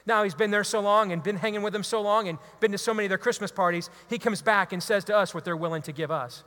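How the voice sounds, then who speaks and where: A man, a radio talk show host, giving an impassioned, preachy talk to a live audience. He is emphatic and builds to loud exhortations. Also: high-pitched, fast talker. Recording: long hall reverb.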